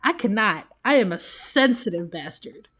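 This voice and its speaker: A woman streaming a video game, chatty, excitable and self-deprecating as she comments. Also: mid-range voice, moderate pace. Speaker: let's play streamer.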